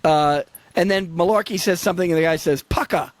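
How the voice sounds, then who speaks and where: A man's voice: high voice, fairly quick, no echo. A man co-hosting a casual history discussion over a video call, explaining slang terms with examples. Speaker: podcast co-host.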